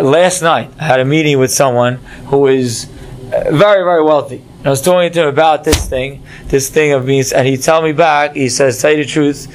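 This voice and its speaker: Brief: male rabbi, slightly high voice, lively storyteller, faint room noise. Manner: animated storyteller, acts out voices in stories. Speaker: rabbi teaching a class. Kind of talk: Torah class with stories.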